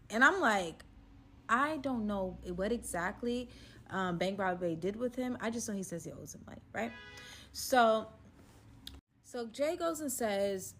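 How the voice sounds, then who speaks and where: A woman telling a casual storytime recap in an animated, slangy way, acting out other people's lines as she goes. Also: medium pitch, measured pace. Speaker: storyteller vlogger.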